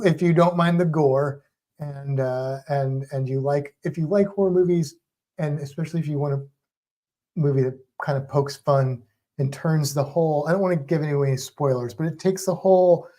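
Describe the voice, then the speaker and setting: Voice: medium pitch, normal speed, mellow. A livestream co-host in casual chat, rambling and restarting sentences while talking eagerly about movies. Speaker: teaches a class about sharks.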